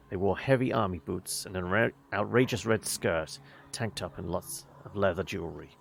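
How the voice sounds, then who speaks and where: A man reading a visual novel aloud, halting, with many fillers and self-corrections. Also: fairly low pitch, creaky. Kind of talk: reading game text aloud with asides.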